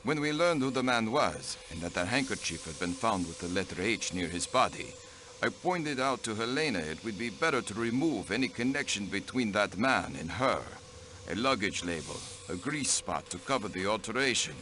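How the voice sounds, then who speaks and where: A man's voice: on the low side, animated, moderate pace, sharp tone, a little hiss or hum. An actor playing a haughty, cold male diplomat in a video game, speaking in clipped, dismissive lines. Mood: stiff. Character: haughty middle-aged male diplomat count.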